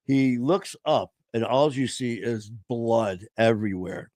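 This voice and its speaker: A man's voice: medium pitch, unhurried, a little mellow, dry recording, clean studio sound. A man hosting a streamed talk show, telling stories in a rambling, casual way with lots of fillers and some swearing. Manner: rambling, frequent fillers, laughs at own stories. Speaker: podcast host. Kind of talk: casual storytelling chat. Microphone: home streaming setup.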